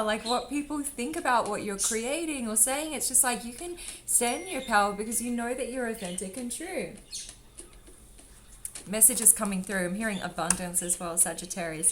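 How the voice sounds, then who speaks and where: A woman gives viewers an easygoing, rambling tarot reading in a mid-range, fairly bright voice, affectionately calling them sweetheart and darling. Faint drum music plays beneath her, along with slight background noise.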